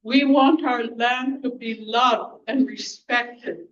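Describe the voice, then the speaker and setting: A woman speaks at a community gathering in a blunt, angry, outspoken way, talking slowly and stopping often to hunt for the right word. She is heard from some distance, and the recording sounds dull and low-fidelity. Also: steady tone, fairly bright tone. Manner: halting, searching for words. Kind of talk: impromptu public speech. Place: community event hall.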